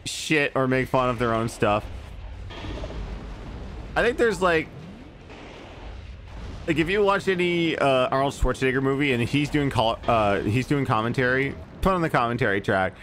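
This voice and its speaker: A man's voice: expressive, moderate pace, long pauses, fairly bright tone, slight background noise. A man streaming a video game in casual chat, rambling off into profane asides about movies. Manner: rambling, profane movie digressions with swooping pitch. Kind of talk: casual let's-play chat.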